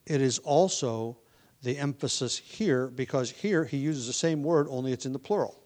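With a mid-range, darkish voice, a male preacher teaches verse by verse through a Bible book. He is deliberate and measured, eases his pace to stress important points, and occasionally hesitates with ums or self-corrections.

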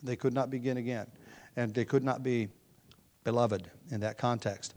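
A man's voice: medium pitch, steady tone, normal speed, warm tone. A man with a nagging cough, preaching an earnest expository sermon, often restarting phrases with fillers. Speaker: pastor.

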